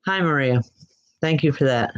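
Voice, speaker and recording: A woman giving live online psychic readings in a gentle, reassuring way, often pausing and restarting her sentences. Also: sits low, muffled recording, slight background noise. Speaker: psychic medium. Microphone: computer mic.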